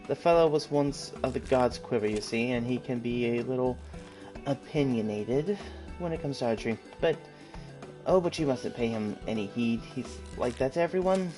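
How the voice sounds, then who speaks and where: A chatty young guild archer, as a man puts her on talks in a raised, lively voice with a put-on British accent. It is game dialogue read aloud, with faint music underneath. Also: mid-range voice, normal speed, natural voice.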